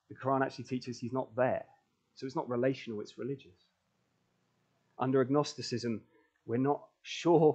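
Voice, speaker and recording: A man's voice: mid-range voice, warm tone, dull audio. A man preaching a sermon in church, earnest and building emphasis through repeated phrases. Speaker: pastor. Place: church, recorded for online stream.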